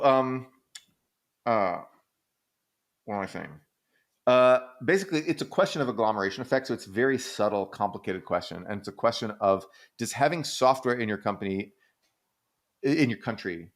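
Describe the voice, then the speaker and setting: A man hosting an economics podcast, explaining in casual chat, thinking aloud with frequent restarts and fillers. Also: medium pitch. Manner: animated, breaks into silly quoted voices.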